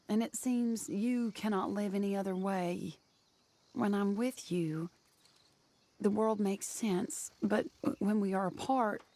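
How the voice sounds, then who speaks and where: A heartbroken woman reading her farewell letter in a video game, tender and sorrowful, speaking slowly and with great care. Her voice sits at an ordinary woman's pitch. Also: mellow. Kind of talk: game voice acting, letter read aloud.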